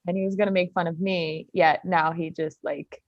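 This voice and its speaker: A woman co-hosts a casual podcast from a video call and teases her co-host. Her voice sits fairly low. The audio is dull and very dry. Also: fairly even intonation, normal speed, no echo. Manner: teasing, playful.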